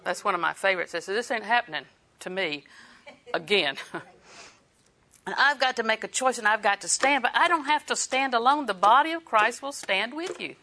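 Bright-voiced woman preaching. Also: fairly high pitch, expressive, brisk. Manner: conversational preaching with chuckles and quoted asides. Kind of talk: sermon.

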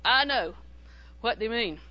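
A woman's voice: fairly high pitch, lively intonation, a little slow, bright, forceful tone, rough recording. A woman preaching a sermon in a humorous, conversational way, repeating phrases for emphasis.

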